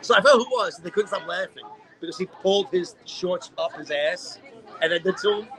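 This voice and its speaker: A young man co-hosting a podcast, telling animated stories in casual chat and swearing freely. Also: high voice, a little fast, rough recording. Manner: animated storyteller, heavy swearing. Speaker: podcast co-host.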